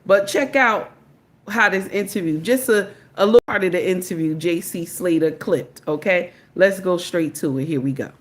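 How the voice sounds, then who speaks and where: Emphatic woman streamer chatting with viewers. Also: on the low side. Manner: emphatic, drawn-out, repeats herself and greets viewers by name. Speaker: livestream commentator. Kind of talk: casual live-stream commentary to chat.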